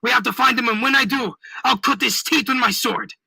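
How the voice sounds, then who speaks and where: A man's voice: extremely high pitch, fairly quick, gravelly, husky, no echo, exaggerated voice. A man doing an enraged pirate captain. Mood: furious. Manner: yelling, enraged. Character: furious hot-headed male pirate captain.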